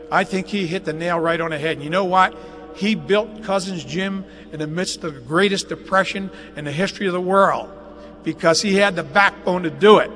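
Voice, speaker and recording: An older man giving a folksy, jokey anecdotal speech at a dedication ceremony inside a large athletic facility, recorded on a live webcast. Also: a little high. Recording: live webcast, long hall reverb, faint noise.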